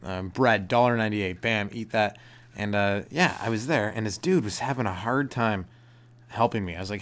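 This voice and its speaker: Profane rambling man, comedy rant. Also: a little fast. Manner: profane, rambling, acts out quotes in high voices. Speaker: podcast host. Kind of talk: solo comedy podcast rant.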